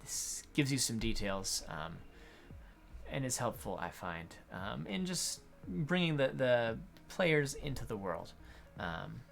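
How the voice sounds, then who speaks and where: A man acting as a game master, explaining adventure design in an unhurried tutorial talk while thinking aloud. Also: medium pitch, big pitch swings, creaky, soft background music.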